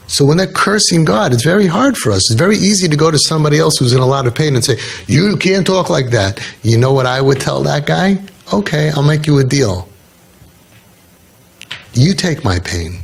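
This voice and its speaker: A man's voice: medium pitch, vocal fry. A man giving an earnest, conversational talk to parents. He tells stories and often restarts his sentences. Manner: earnest, storytelling, with frequent restarts. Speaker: speaker addressing an audience of parents. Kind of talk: conversational talk to a live audience.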